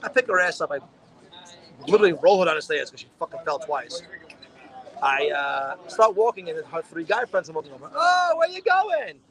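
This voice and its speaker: A man with a bright, forceful voice, pitched a little high, tells a wild story in a loose, profane way. He co-hosts a casual podcast chat and acts out the lines of the people in his story. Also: a little fast. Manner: animated, profane storytelling with acted-out quotes. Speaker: podcast co-host.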